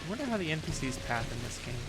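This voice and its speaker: A man's voice: on the high side, very animated, rapid-fire, loud music behind the voice, poor audio. A man hosting a let's-play video, musing casually and joking while he plays. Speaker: gaming video host.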